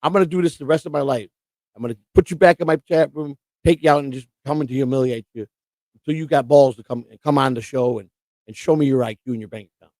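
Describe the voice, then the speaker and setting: A man's voice: mid-range voice, fast, darkish tone, dry recording. A middle-aged man hosting a live stream, rambling and combative in casual chat. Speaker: livestream host.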